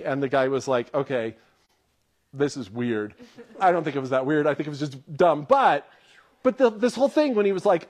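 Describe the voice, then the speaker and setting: Male pastor, somewhat high voice, lively storyteller who acts out quotes mid-sermon. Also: a little fast.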